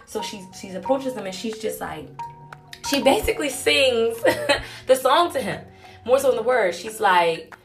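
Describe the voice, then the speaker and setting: A woman's voice: on the high side, expressive, moderate pace, soft background music. A woman hosting a talk show, telling a story in a candid, conversational way with plenty of casual fillers.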